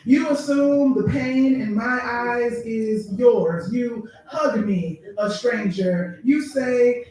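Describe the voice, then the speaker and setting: A woman poet reads her spoken-word verse in a measured, deliberate way, pausing between lines. She is heard from a distance, and her voice rings around a very echoey room at a live bookstore event. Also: fairly high pitch, a little mellow. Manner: measured, deliberate delivery with pauses. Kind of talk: spoken-word poetry reading.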